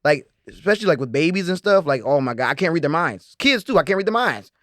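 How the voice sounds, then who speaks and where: A young man co-hosting a podcast, telling profane anecdotes in quick, laughing casual banter. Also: fairly high pitch, sing-song, fairly bright tone, no echo, clean studio sound. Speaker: podcast co-host. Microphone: studio podcast mic.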